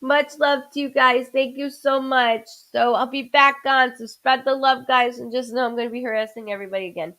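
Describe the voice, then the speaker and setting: Woman host on a live stream, fairly high voice, chatty, calls out viewers by name. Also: fairly even intonation, a little fast, few pauses, a bit bright.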